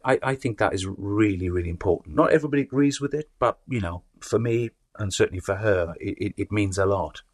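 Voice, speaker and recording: Male interview guest, lower voice with some huskiness, reflective and searching. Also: brisk, hardly any pauses. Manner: thoughtful, restarts and repeats words while reaching for ideas. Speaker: actor and author, guest. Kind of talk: conversational interview.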